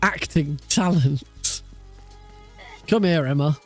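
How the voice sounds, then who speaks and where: A man's voice: fairly high pitch, slow, faint music behind. Chuckling, cursing male streamer. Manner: laughs a lot, swears casually. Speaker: speedrunner streaming practice. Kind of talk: casual live-stream chat.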